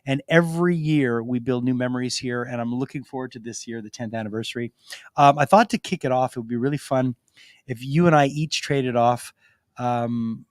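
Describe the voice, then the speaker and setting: A man's voice: medium pitch, normal speed, no room sound. A man co-hosting a live convention Q&A on stage, chatting in a friendly, rambling way with fillers. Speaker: convention organizer co-host.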